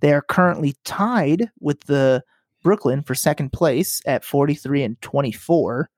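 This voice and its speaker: A man's voice: on the high side, a little slow, dry recording, studio quality. A man hosting a sports podcast, leading the topics and asking the others questions. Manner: leads topics, asks questions. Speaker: podcast host. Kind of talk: casual sports chat.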